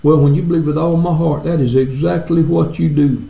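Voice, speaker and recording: A man's voice: on the high side, steady tone, a little fast, creaky, echoey room, narrow, tinny audio. A pastor preaching an earnest radio sermon, often stammering and restarting his words as he pleads with his listeners.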